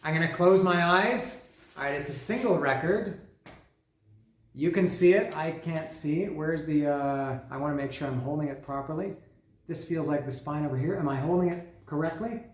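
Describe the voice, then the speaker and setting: A man casually talking through an unboxing of records, rambling and excitable, swearing freely and restarting his sentences. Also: fairly high pitch, moderate pace, roomy sound. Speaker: vinyl record vlogger. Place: lives in Mexico.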